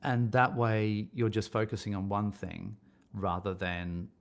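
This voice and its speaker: A man's voice: fairly low pitch, little pitch movement, a little slow, gravelly. A middle-aged man, speaking as a podcast guest in a thoughtful, rambling way with many restarts. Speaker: casting director and acting coach. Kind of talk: podcast interview.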